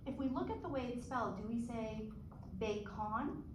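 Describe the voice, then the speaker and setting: A woman teaching a one-on-one phonics lesson, patient, slow and clear, stretching out sounds. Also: on the high side, lively intonation. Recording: echoey room, distant mic, background noise.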